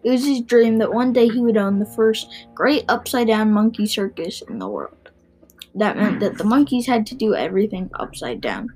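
A woman reading a children's book aloud, expressive, with small stumbles and restarts. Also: medium pitch, poor audio. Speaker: narrator.

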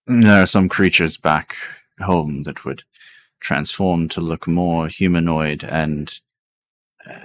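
A man with a very low voice narrates a tabletop game as its game master. He describes creatures in a laid-back, unhurried way and laughs often.

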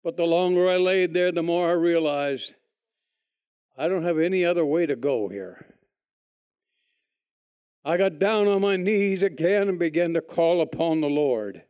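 A man telling his testimony in a folksy, animated way, acting out other people's lines. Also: sits high, clean tone. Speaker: speaker giving a testimony. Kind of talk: testimony storytelling.

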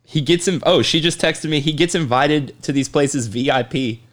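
A man co-hosting a relaxed chat who jumps into the conversation with jokes and quick remarks. His voice sits slightly higher than most men's. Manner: laughs easily, chimes in and cracks jokes. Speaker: podcast co-host. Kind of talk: casual chat.

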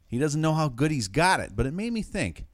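A man's voice: on the high side, big pitch swings, a little fast, no room sound. A man hosting a comic news show in a studio, delivering jokes and headlines in a wisecracking way. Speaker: host.

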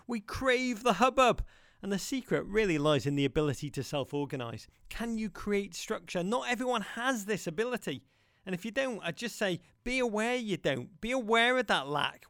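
A man's voice: high voice, a bit bright, clean tone, no room sound, clean studio sound. A man hosting a podcast, talking in a theatrical, impassioned and playful way. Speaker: podcast host. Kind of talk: podcast monologue.

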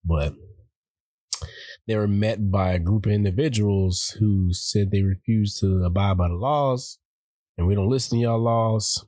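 A man's voice: on the low side, measured pace, mellow, dry recording. A man co-hosting a podcast, joking around and retelling news in slang. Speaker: podcast co-host. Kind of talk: casual chat.

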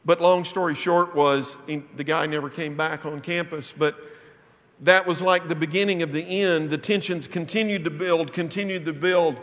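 A man with a fairly high voice preaches, weaving scripture into a personal story. He drops his voice low and quiet when he quotes others. The sound rings with the long reverb of a big hall. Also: steady tone, normal speed.

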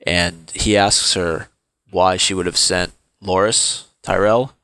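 A man's voice: sits low, fairly even intonation, slow, pushed and bright, smooth, no room sound. A man co-hosting a podcast, reading a passage aloud in casual chat. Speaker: podcast co-host.

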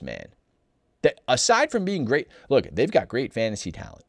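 A man delivering a blunt, opinionated sports talk monologue, exasperated and animated, often restarting his sentences. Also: medium pitch, normal speed, vocal fry, no room sound, clean studio sound. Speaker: sports commentator.

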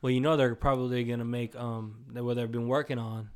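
A young man co-hosting a podcast in relaxed, musing banter. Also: mid-range voice, brisk, smooth. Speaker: podcast co-host. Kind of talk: casual chat.

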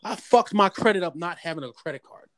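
A young man in casual chat telling a story in an animated, profane way. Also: fast talker. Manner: animated, profane storytelling with raised-pitch quotes.

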